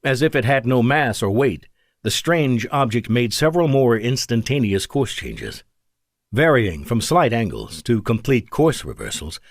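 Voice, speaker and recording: A man narrating an audiobook in a measured, dramatic way. His pitch moves lively through the sentences. The sound is close and dry, with no room around it. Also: no room sound. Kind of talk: scripted narration.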